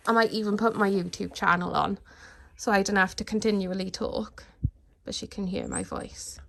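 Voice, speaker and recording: A woman dog breeder in a casual home vlog, talking in a calm, steady, instructive way from her living room. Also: medium pitch, normal speed, vocal fry, hardly any pauses, noisy background.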